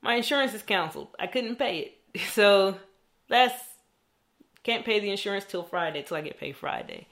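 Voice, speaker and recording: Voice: mid-range voice, animated, normal speed, vocal fry, a bit bright. A young adult vlogger talking in a candid, rambling diary style and swearing freely. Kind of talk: casual diary vlog.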